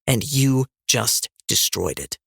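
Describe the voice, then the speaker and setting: A man's voice: mid-range voice, big pitch swings, slow pace, vocal fry, fairly bright tone, husky, dry recording, studio quality, exaggerated voice. A man reading the lines of an earnest male spiritual guide under strain in an audiobook, trying to sound reasonable.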